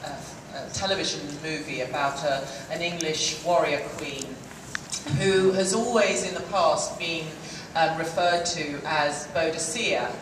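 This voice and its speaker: Chatty actress in an echoey hall. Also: female voice, low voice, measured pace. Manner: chatty, laughing, self-interrupting. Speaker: guest actress at a fan Q&A. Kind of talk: fan convention Q&A. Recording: echoey hall recorded from far off with noise.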